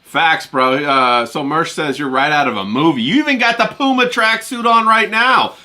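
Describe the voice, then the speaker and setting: Bright-voiced laid-back American streamer. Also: male voice, on the high side, expressive, normal speed. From Kentucky. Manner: laid-back, slangy, shouts out chat viewers. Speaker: streamer host. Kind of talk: casual stream chat.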